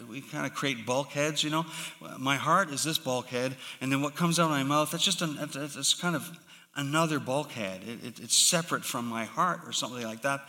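A man preaching a sermon, slow and emphatic, with sudden drops to hushed tones. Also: on the high side. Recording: long hall reverb.

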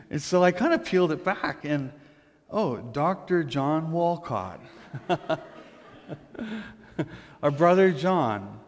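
A man pastor giving a humorous, storytelling sermon, dropping to a hush for emphasis. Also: a little high, animated, takes it slowly, pauses often, big-room sound.

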